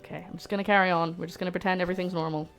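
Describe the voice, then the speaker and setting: British woman, lowish voice, chatty live-stream cook, self-mocking, faint music behind. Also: level tone, very fast. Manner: chatty, self-mocking, talks to chat while cooking. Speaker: cooking livestream host. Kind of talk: casual live cooking chat.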